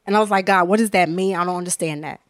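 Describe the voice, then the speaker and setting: A woman's voice: fairly low pitch, very fast, no room sound. Earnest woman sharing her testimony, dry sound. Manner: earnest, emotional, with many restarts and "you know". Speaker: author and minister, podcast guest. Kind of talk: candid personal testimony in conversation.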